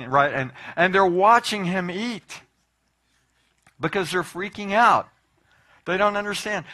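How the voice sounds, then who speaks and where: A male pastor preaching a sermon in a conversational, animated storytelling way, with frequent asides to the congregation. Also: sits high.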